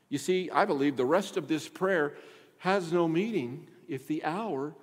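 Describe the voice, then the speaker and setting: A man preaching a sermon as pastor, swinging between loud emphasis and hushed asides. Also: fairly high pitch, big-room sound.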